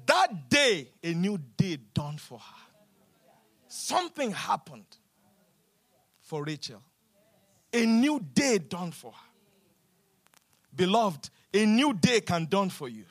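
A man preaching a sermon as pastor, repeating phrases for emphasis and swinging between loud declarations and hushed lines. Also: high voice, big pitch swings, slow pace, long pauses, slightly rough.

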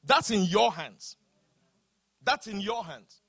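A man preaching a sermon, calling for the congregation to repeat lines and slowing down to stress his words. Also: high voice, very animated, creaky, fairly bright tone, breathy edge, dry recording, clean studio sound. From Nigeria. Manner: emphatic preaching with call-and-response, slows down to stress lines. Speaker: pastor.

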